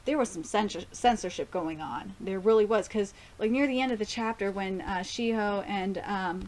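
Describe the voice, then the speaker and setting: A young woman casually reviewing an anime episode, gushing and excitable, swearing now and then. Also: medium pitch, moderate pace.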